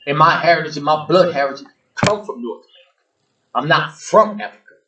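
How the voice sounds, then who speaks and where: Alone on the mic, a show host with a slightly high male voice delivers a preachy rant aimed directly at his audience. He is blunt and emphatic, circling back to repeat his points, speaking fast and animatedly against a noisy background.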